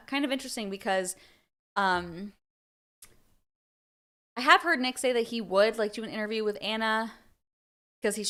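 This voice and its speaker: A woman's voice: mid-range voice, a bit bright. A young woman hosting a casual livestream, a little out of breath, chatting loosely and turning aside to read her chat. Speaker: livestream host.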